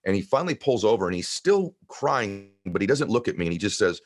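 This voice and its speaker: A man in his fifties with a deep voice, telling personal stories earnestly in a conversation. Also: sing-song, brisk. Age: 50s. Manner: earnest, heartfelt. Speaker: guest.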